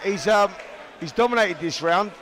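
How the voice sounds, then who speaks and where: A man's voice: high-pitched, normal speed, fairly bright tone, a faint crowd. A man with a Cockney accent giving live boxing commentary in a chatty, bantering way.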